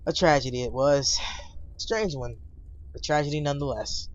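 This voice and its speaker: A man's voice: on the high side, normal speed, lo-fi sound, close to an everyday voice. A man voicing a blind old lighthouse keeper.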